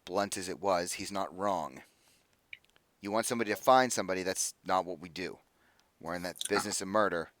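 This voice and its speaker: A cold, professional female assassin boss talks low and unhurried, with clipped, tired patience, as a man puts her on. The voice is bright in tone. The sound is dry and close. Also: sing-song, no room sound. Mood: blunt. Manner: low, measured, quietly firm.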